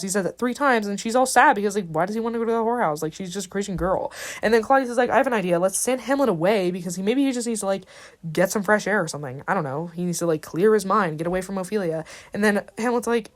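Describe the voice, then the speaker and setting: A young woman races through a casual, slang-filled retelling for a class assignment. She talks fast, at a middle pitch, and dips briefly into the characters' voices. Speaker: student. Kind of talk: casual summary for a school assignment.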